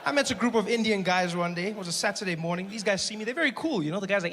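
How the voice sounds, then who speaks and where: A man with a South African accent doing animated, laughing stand-up storytelling. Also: high-pitched, racing, big-room sound. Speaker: comedian. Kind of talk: stand-up comedy. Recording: noisy live stage recording.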